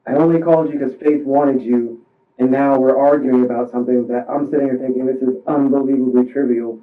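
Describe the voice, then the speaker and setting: A distressed man under police questioning, halting and rambling through his story with many restarts. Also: mid-range voice, steady tone. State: distressed, voice strained. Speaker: suspect in police interrogation. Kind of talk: recounting events under questioning. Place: police interview room. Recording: tinny, distant interrogation-room recording.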